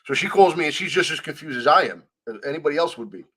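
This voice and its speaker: A man's voice: a little high, rapid-fire, a little hiss or hum. A man telling a story in a conversational interview, acting out the people he quotes and swearing freely. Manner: animated, acts out quoted dialogue, swears freely. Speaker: guest.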